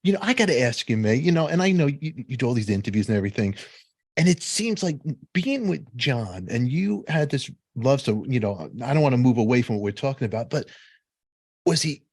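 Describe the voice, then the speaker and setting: A man with a Brooklyn accent hosting an interview, eager and jokey and quick to laugh. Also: medium pitch, very animated, a little mellow, breathy edge, no room sound, clean studio sound. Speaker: host. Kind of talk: casual interview.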